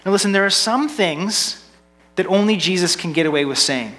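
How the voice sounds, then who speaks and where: A man's voice: high voice, expressive, moderate pace, a bit bright, soft background music. A male pastor giving a sermon in a conversational, humorous way, asking the congregation rhetorical questions. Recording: long reverb in a large hall.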